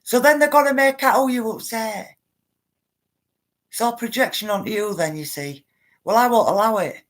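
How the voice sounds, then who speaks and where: A woman's voice: on the high side, a little fast, a bit bright. A woman hosts a casual live stream. She talks straight to her viewers and reads out their comments. Her delivery is blunt and emphatic, and she hammers each point home by repeating it. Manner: addresses viewers directly. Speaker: livestreamer reading viewer comments.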